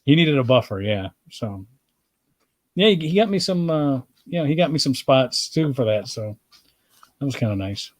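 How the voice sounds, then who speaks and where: Relaxed male comic rambling a story. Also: medium pitch, moderate pace, no echo. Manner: relaxed rambling anecdotes with fillers. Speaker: comedian host. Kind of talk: casual storytelling chat.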